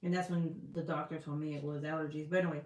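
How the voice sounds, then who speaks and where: A young woman with a slightly low voice chats on a live stream, rambling and cursing freely, trailing off into fillers and little laughs. Her voice bounces around a roomy, echoey space. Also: flat delivery, fast, a little mellow, slight background noise. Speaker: vlogger reading live chat. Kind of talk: casual live-stream chat. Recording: roomy echo.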